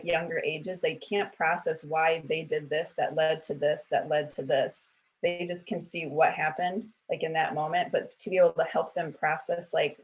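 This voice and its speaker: Low-voiced woman, chatty and candid. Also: low-quality recording. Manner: chatty, many filler words, self-correcting; candid and self-deprecating. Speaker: panel speaker at a church women's event. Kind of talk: casual panel discussion.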